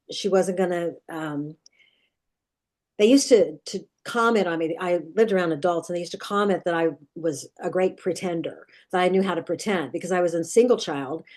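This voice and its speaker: Low-voiced woman telling a dream story. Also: darkish tone. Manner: earnest, vivid retelling with many restarts. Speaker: dream expert guest. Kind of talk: storytelling in an interview.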